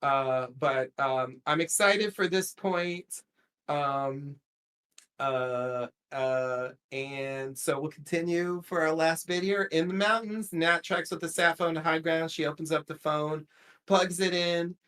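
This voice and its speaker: A man's voice: fairly high pitch, steady tone, slow, fairly bright tone. A man casually recapping a TV episode on a podcast, chatty and rambling, laughing often.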